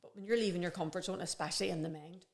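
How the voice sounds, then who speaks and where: A woman's voice: lowish voice, steady tone, very fast. Woman, podcast guest, earnest rambling chat, reflective. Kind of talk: casual conversation.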